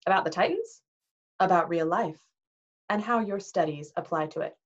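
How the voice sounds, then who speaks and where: A woman doing a stern, slow-spoken male teacher. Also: fairly low pitch, natural voice. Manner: slow, measured, formal. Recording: dull lo-fi recording.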